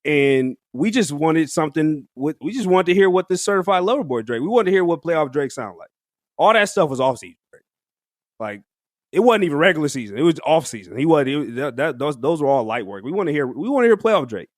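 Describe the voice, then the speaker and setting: Podcast co-host, male, higher-pitched, loose and slangy, frequent laughter, dry booth. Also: big pitch swings, a little fast, dry recording. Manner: slangy, laughs often, rambling restarts. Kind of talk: casual music review chat.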